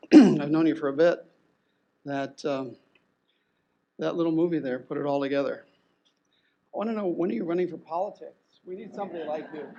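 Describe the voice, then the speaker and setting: Gravelly guy a bit high, joking tribute to a friend, sounds far from the mic. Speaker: presenter introducing an honoree. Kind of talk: live tribute speech.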